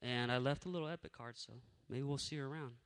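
A man telling a faith testimony in a lively, casual way, acting out what people said. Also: medium pitch, fast talker, smooth, in a large hall. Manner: energetic, animated storyteller who acts out what people said. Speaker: speaker sharing a faith testimony.

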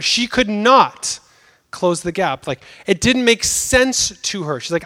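A young adult man preaching a sermon in a conversational, emphatic way with dramatic pauses. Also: sits high, expressive, bright, forceful tone.

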